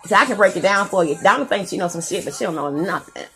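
A woman's voice: mid-range voice, lively intonation, fast talker, loud music behind the voice. A woman vlogger chatting casually on a live stream, crude and rambling, joking and singing along.

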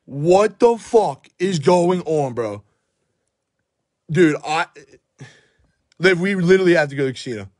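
A young man with a hoarse, worn-out voice, frantically narrating a card pack opening at home, swearing and shouting in disbelief while filming on his phone. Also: on the high side. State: hoarse, voice shot. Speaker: sports card pack breaker. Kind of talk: hyped live pack-opening commentary. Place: at home by a table.

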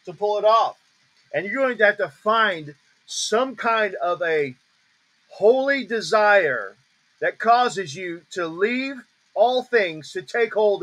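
A man teaching on a ministry call in a preaching style, emphatic and repeating declarations slowly with heavy stress on each word. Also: high-pitched, a bit bright, rough recording.

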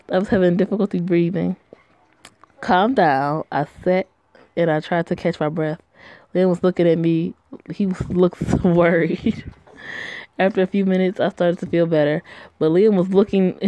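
A woman reads a story game aloud and talks back at its characters in blunt, profane asides. Her voice sits low with a gravelly fry. The delivery is casual, like a play-through. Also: steady tone, a little slow, mellow, no room sound.

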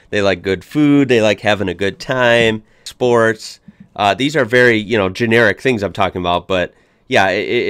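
A man's voice: on the low side, a bit bright, clear, resonant tone, dry recording. A young American man hosting a reaction video, chatting casually and upbeat with frequent fillers and restarts. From United States.

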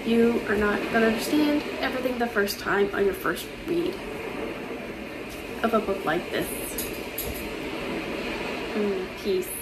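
A woman's voice: medium pitch, unhurried, pauses often, very noisy. A woman chatting casually to camera as a book vlogger, rambling with lots of ums and restarts. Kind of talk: casual chat.

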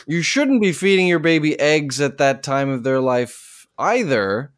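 A man on a casual podcast, talking through quiz answers with joking, deadpan reasoning. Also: fairly high pitch, measured pace. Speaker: podcast co-host and quiz player.

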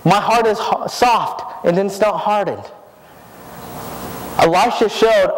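A man preaching in a church sanctuary, his voice pitched well above the usual for men. He speaks earnestly and keeps asking the congregation rhetorical questions. A long hall reverb trails behind every phrase. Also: slow, long pauses. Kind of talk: sermon.

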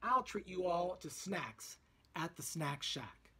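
A man's voice: high voice, very animated, takes it slowly, sharp tone, husky, heavily acted. A man voicing a cheerful, generous town mayor in a cartoon mystery.

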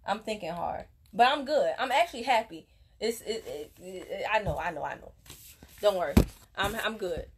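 Speaking in an animated, slightly rough mid-range voice at a moderate pace, this network marketing coach delivers a preachy, emphatic pep talk to "y'all" as she unboxes. It's a casual vlog shot on a phone in a room at home.

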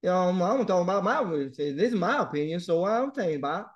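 A man imitating a Southern American speaker in an exaggerated, halting drawl. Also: sits high, animated, lo-fi sound. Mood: mock drawl.

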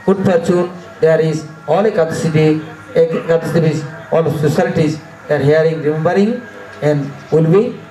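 A man preaches a devotional sermon in high, ringing tones. He speaks in broken, emphatic English and hammers home short repeated phrases. He sounds set back from the microphone in an echoing room, with faint music underneath. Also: mellow. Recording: echoey room, mic at a distance, faint music.

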